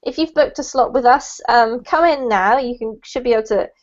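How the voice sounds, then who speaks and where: A woman's voice: fairly high pitch, normal speed. A woman teaching an online English class in a chatty, encouraging way, with frequent laughs. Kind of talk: casual teaching chat on a video call. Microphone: video call. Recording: muffled video-call audio.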